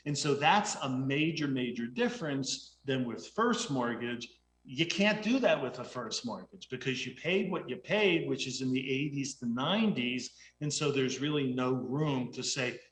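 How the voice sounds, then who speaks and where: A man's voice: medium pitch, animated, unhurried. A middle-aged man, a guest in the mortgage business, who explains his work and acts out talks with his clients. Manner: storytelling, acts out dialogues with clients. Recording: roomy echo.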